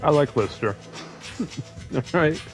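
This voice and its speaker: A man's voice: on the high side, expressive, slow, faint music behind. A man co-hosting a casual gaming chat, laid-back, swearing and chuckling through his stories. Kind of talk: casual chat over gameplay.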